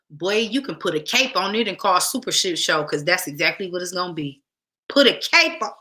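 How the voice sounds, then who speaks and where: Bright-toned woman host, emphatic and repetitive. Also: fairly low pitch. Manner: emphatic, repeats phrases, speaks directly to viewers. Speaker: show host. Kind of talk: casual talk show monologue.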